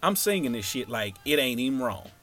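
A man's voice: mid-range voice, brisk, faint music behind. A man telling a childhood story as stand-up comedy, acting out each character. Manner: animated, acts out every character.

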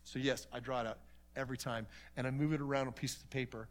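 A man with a mid-range voice talks fast as he runs a conference seminar in a conversational manner. He fills it with animated stories, performed conversations, and numerous asides.

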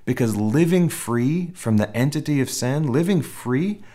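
A man's voice: medium pitch, animated, a little slow, mellow. A man preaching a sermon in a conversational way, often restarting phrases and acting out little quotes. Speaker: pastor.

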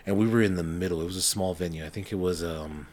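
A man's voice: sits low, fast. Profane young man telling stories. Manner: profane storytelling, animated impressions. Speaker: podcast co-host. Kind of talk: casual chat.

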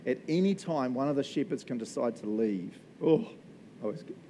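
A man's voice: medium pitch, animated, moderate pace, background noise. A man, teaching the Bible in a casual, chatty way, often checking in with "right?" and laughing as he goes. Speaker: pastor.

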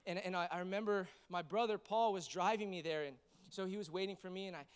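High-voiced emotional man preaching. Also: fast talker, clean tone. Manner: earnest, rambling, emotional storytelling with many fillers. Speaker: pastor. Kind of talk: sermon. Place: church service.

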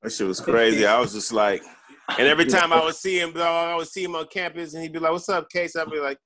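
A man's voice: on the high side, fast. A man co-hosting a casual talk show, telling a story with lots of laughter and acted-out lines. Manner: animated storyteller, laughs often. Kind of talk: casual podcast banter.

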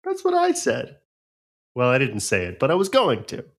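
A man's voice: medium pitch, huge pitch swings, normal speed. A man voicing an easygoing survivor with a dry, teasing manner in a tabletop roleplay. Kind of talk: actual-play roleplay.

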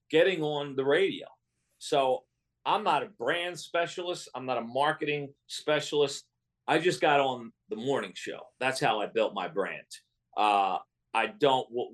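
Sex: man. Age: middle-aged. Role: comedian guest. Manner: chatty, restarting sentences. Pitch: medium. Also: fairly bright tone. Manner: chatty, with frequent restarts and laughs. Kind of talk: casual interview storytelling.

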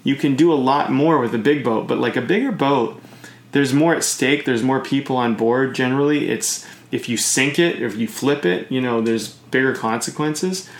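A man's voice: medium pitch, moderate pace, echoey room. A man talking casually and at length, full of fillers and restarts, explaining things through sailing comparisons. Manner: rambling, uses sailing comparisons, many fillers. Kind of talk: casual podcast chat.

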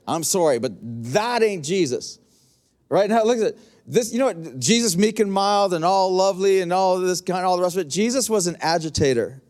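A man preaches from the pulpit in a high, bright-edged voice. He drives his points home with repetition and speaks straight to his listeners, swinging between quiet asides and forceful emphasis. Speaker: pastor. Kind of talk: sermon.

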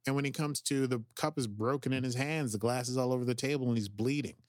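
A man co-hosting a podcast, recapping an episode in excitable, rambling casual chat full of "like". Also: mid-range voice, quick pace, no room sound, clean studio sound. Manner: excitable, rambling, heavy use of "like". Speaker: podcast co-host.

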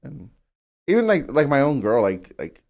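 Young male co-host, mid-pitched voice, rambling with lots of "like", profane, quick to laugh. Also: sing-song, gravelly, a little mellow. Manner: rambling, filler-heavy, profane, laughs often. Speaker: podcast co-host. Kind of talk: casual chat.

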